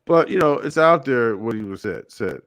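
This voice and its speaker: A man's voice: medium pitch, expressive, normal speed, dry recording, clean studio sound. A man hosting a casual talk show, hesitant and full of stammered restarts as he asks guests questions. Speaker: show host. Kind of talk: casual live show chat.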